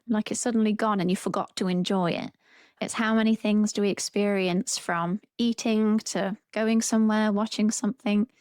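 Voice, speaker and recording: A woman, a therapist co-hosting a casual podcast chat, reflective and quick to vent about her pet peeves. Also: medium pitch, a little mellow, dry recording, clean studio sound.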